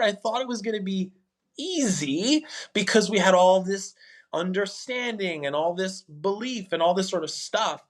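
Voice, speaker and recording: A man in his thirties co-hosting a podcast in casual chat, earnest and animated, often acting out quoted lines. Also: sits high, moderate pace. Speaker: podcast co-host.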